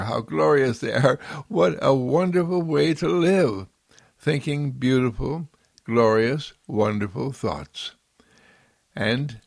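Slow gravelly-voiced man musing gently. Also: mid-range voice, no echo. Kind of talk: slow reflective monologue.

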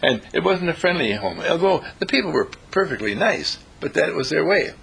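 A man delivers a sermon in a husky, gravelly voice with a bright, sharp edge. His pitch swings widely as he tells stories and slips into the voices of the people in them. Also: normal speed. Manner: animated, acts out characters in the stories. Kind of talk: sermon with storytelling.

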